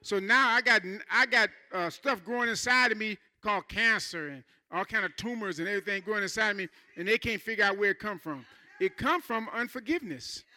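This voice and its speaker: Speaking to his congregation in a loose, chatty sermon, a male pastor uses a high, bright, forceful voice and quickly acts out church members.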